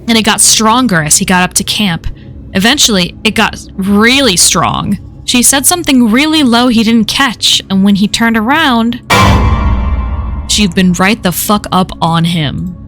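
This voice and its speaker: Woman, mid-pitched voice, casual profane horror story reading, soft music underneath. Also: lively intonation, a little slow. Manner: casual, profane first-person telling. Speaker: story reader.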